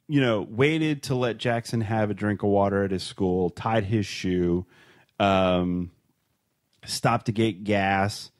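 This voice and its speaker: A man co-hosting a podcast, telling a story in casual chat, rambling with halting restarts. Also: fairly low pitch, no room sound, clean studio sound. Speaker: podcast co-host.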